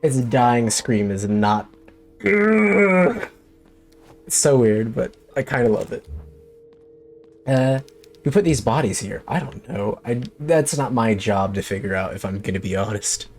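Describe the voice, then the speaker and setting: A man's voice: lowish voice, moderate pace, a little mellow, soft background music. A man streaming a horror game, talking to himself in jumpy, joking commentary. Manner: jumpy, talks to himself, jokey. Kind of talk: let's play commentary.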